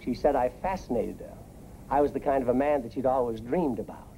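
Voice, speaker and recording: A man's voice: mid-range voice, fairly quick, mellow, a little hiss or hum, close to an everyday voice, rough recording. An actor playing a flustered middle-aged father who stammers through his excuses, in 1950s sitcom style.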